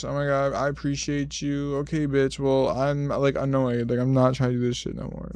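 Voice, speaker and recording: A young man streaming, chatting loosely with his chat while high and half asleep, sassy and swearing as he rambles. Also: fairly even intonation, normal speed, vocal fry, no room sound, studio quality. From Mexican heritage. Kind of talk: casual stream chat reading comments.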